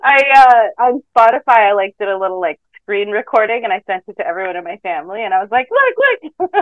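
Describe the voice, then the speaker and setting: A woman's voice: medium pitch, expressive, fast, dry recording. A woman from Canada, a reality show contestant, chatting casually in a podcast interview, rambling and laughing often. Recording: dull lo-fi call audio.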